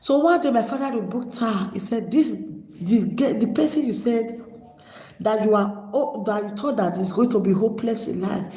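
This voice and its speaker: A woman's voice: a little high, warm tone. Tearful Nigerian woman in an echoey room. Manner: emotional, halting, many restarts. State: fighting back tears. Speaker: vlogger. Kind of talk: personal storytelling to camera. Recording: echoey hall with long reverb.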